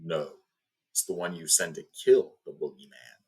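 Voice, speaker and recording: A man voicing a cold, stern older mob boss who speaks slowly and gravely while retelling a movie. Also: sits low, darkish tone, lightly acted. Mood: menacing.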